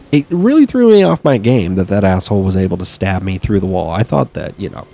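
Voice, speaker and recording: A gaming streamer casually commentates his own game in a low, creaky, darkish voice, with slight background noise. He's chatty and swears, talks back at enemies, and sniffles near his desk mic.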